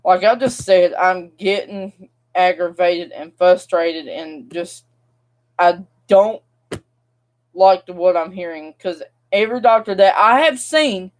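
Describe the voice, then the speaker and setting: A woman's voice: fairly low pitch, slow. A young woman, venting to camera in a casual, rambling vlog rant. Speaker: vlogger.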